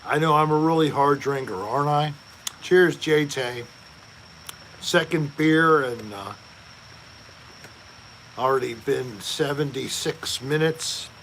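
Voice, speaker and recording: Male host, gravelly, unhurried, jokey livestream chat, faint background hiss. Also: fairly high pitch, fairly bright tone. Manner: slow, joking, reads chat aloud. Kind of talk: casual live-stream chat.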